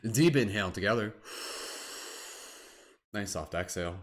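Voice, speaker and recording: A man's voice: fairly low pitch, lively intonation, normal speed, slight background noise. A young Canadian man hosting a live-streamed guided meditation, chatty and giggly, with many fillers. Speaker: meditation host.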